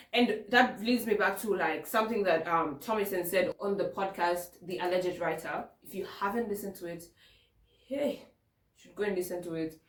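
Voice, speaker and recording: A woman hosting her own podcast in casual solo talk, animated and emphatic, repeating words for stress. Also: on the low side, normal speed. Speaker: podcast host. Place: outdoors at sunset. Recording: roomy, a bit far from the mic.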